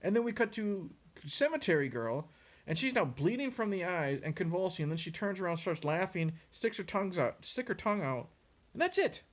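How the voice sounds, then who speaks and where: A man's voice: high voice, very animated, fairly quick. A man giving a casual, sarcastic, profane rant reviewing a movie, sounding exasperated and mocking. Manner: sarcastic, exasperated, swears freely.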